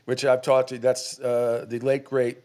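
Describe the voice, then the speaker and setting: A man's voice: medium pitch, completely flat delivery, a little slow, a little mellow. A middle-aged man from New England, a sports radio host, telling a rambling story with many restarts and acted-out quotes. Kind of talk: casual storytelling.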